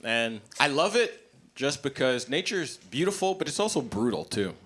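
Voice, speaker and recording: Profane, animated male stand-up comic. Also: medium pitch, normal speed. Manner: blunt, profane, animated storytelling. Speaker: stand-up comedian. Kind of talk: stand-up comedy set. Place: comedy club stage. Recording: live comedy club, noisy ambience.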